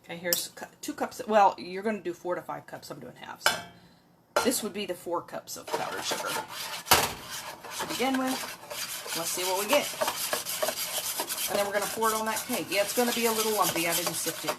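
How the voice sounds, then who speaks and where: During a casual cooking livestream from her home kitchen, a woman chats with viewers as she works. Her mid-range voice moves at normal speed with long pauses, and the recording is very noisy with clattering dishes and utensils.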